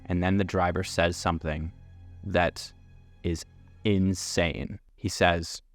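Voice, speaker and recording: A man with a very low, deep voice tells a travel story to camera. He narrates in an animated way and acts out the lines of the people in it. Faint music sits under his voice. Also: slow pace, no room sound. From Canada. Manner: animated, acts out quoted dialogue. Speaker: travel vlogger.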